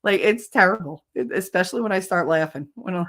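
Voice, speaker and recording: A woman's voice: fairly low pitch, quick pace. A woman co-hosting a livestream, chatting casually and animatedly with viewers. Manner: animated, switches voices and laughs easily. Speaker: livestream co-host.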